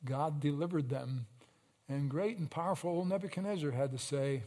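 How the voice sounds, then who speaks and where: A male pastor preaching a sermon, telling stories with sudden loud surges and slow, emphatic phrases. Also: fairly high pitch.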